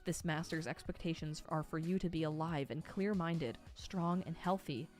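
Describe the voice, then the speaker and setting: An earnest, devoted young male master speaking with firm emphasis, as a woman reads him aloud. Her lowish voice stays close to her own. Faint music plays underneath the audiobook-style reading. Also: moderate pace, a little mellow, natural voice. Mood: tender.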